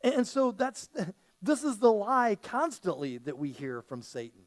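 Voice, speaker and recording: A male pastor delivering a sermon in a church, his voice pitched high and swinging widely up and down. He talks in a loose, conversational way, repeating words as he builds a point and slipping into quoted voices. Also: a little slow. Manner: conversational, animated preaching with repetitions and quoted voices. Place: church sanctuary.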